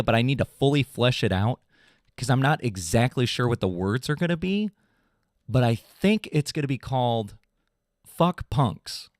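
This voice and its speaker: A young adult man, a podcast host, ranting in an animated, casual, swearing way. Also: no echo, studio quality. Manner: animated, swearing, mocking voices in high pitch. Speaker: drummer in a pop punk band. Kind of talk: casual comedic rant.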